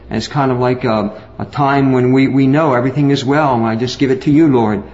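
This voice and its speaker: A man preaching a sermon in an earnest way, often repeating and restarting words and rising in pitch to make a point. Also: dull audio. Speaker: pastor.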